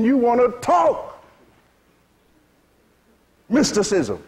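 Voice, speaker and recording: A man's voice: on the high side, very animated, moderate pace, darkish tone. A man teaching a sermon to a seated audience, speaking frankly in vernacular phrasing and repeatedly asking "you see?". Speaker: spiritual teacher.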